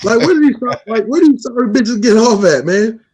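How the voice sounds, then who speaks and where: A man with a high but mellow voice co-hosts a casual talk. He mocks and cuts in with profane, excitable remarks. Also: a little fast, breathy edge. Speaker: co-host. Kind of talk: casual commentary.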